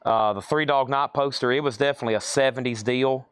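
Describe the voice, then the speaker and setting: A man's voice: mid-range voice, steady tone, quick pace, a bit bright, clear, resonant tone, dry recording. A man hosting a live online sale, calling out prices and buyers' names and thinking aloud as he sorts items indoors. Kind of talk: live auction selling.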